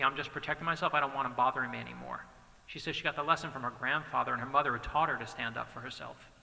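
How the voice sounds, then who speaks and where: A man in his forties, an author, delivers an inspirational keynote as a chain of stories, earnest and passionate throughout. He speaks on the high side with a sharp tone, and the recording echoes with the reverberation of a large banquet hall.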